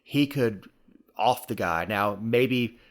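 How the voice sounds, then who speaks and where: A man's voice: lowish voice, animated, slow pace. A man co-hosting a podcast, talking casually about the news with dry, wry asides and repeated words. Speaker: podcast co-host.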